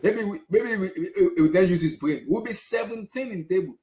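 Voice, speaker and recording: A man's voice: sits high, animated, fairly quick, dark tone. A man hosting a football fan show, talking in a frustrated, repetitive way. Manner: exasperated, repeats himself. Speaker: football fan channel host. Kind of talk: casual fan rant. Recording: echoey room.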